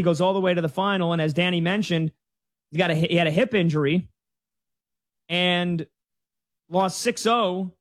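A man giving casual sports betting analysis in a conversational, filler-heavy way. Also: high voice.

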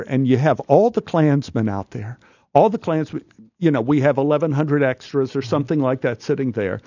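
A male actor guest telling an animated anecdote in a studio interview, stammering, restarting and acting out voices. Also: medium pitch, fairly quick, dry recording, lo-fi sound. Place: radio studio.

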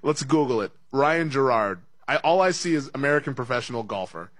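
A young man runs a casual sports betting chat, tossing in quick jokes and laughing often. His voice sits at a middle pitch, and the recording is dry and close. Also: animated, dry recording. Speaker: sports betting show host.

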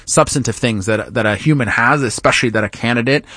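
A man's voice: mid-range voice, pushed and bright, no echo. A man co-hosting a political talk show, arguing his points emphatically with folksy sayings in casual discussion. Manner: emphatic, folksy, quick to interject.

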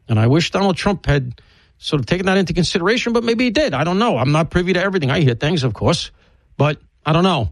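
A man's voice: a little high, no room sound, low-quality recording. A man hosting a radio talk show, rambling bluntly through an opinionated monologue and previewing guests. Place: broadcast studio.

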